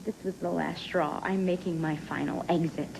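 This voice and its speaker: A woman's voice: lowish voice, steady tone, moderate pace, vocal fry, background noise. An actress playing a bitter, sarcastic young woman who mocks and confronts her father in a daytime soap. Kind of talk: 1990s daytime soap acting.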